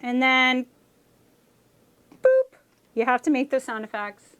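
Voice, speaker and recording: A woman's voice: sits high, fairly even intonation, normal speed, fairly bright tone, smooth. A woman hosting a casual chat while building a LEGO set, playful and making little sound effects. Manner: playful, tells stories with acted-out quotes and sound effects. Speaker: host.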